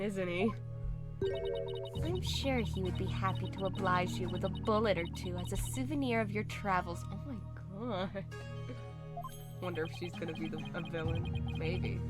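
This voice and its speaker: A woman's voice: mid-range voice, unhurried, over music. A woman streaming a game, reading the dialogue aloud in different voices and reacting with laughter and chatter between the lines. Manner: animated, laughs often, voices characters.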